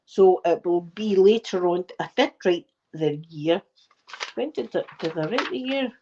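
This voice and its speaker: A woman's voice: on the low side, unhurried, highs cut off, a little hiss or hum. A Scottish woman in her forties, host of a live stream, chatting casually and telling rambling stories with the odd swear word. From Scotland. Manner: rambling, animated storytelling with swearing. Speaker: ASMR livestream host.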